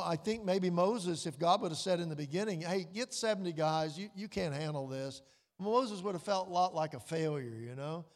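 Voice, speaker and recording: Man, pastor, sermon, folksy storytelling, fairly high voice, long hall reverb. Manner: folksy storytelling with quiet, drawn-out emphasis.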